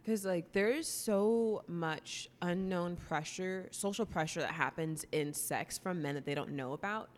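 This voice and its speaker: A woman's voice: fairly low pitch, a little slow, hardly any pauses, big-room sound. A young woman in casual chat, frank, outspoken and emphatic.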